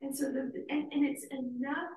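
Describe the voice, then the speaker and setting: A woman's voice: sits high, fairly even intonation, normal speed, darkish tone. A woman leading a casual Bible study, reading scripture aloud and breaking off with eager comments. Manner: enthusiastic, reads passages aloud and breaks off to comment. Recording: roomy, distant mic.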